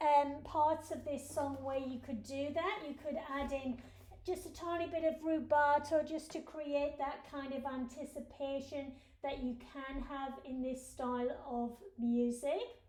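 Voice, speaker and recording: A woman's voice: high voice, darkish tone. A woman piano teacher giving a lesson, patiently explaining each step to her students. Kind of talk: instructional lesson. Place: room with a piano. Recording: roomy echo with faint piano.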